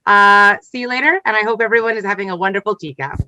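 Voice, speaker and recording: A woman's voice: mid-range voice, fast, sharp tone, dry recording, rough recording. A woman hosting a comics festival panel online, upbeat and chatty with frequent ums. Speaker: festival event host.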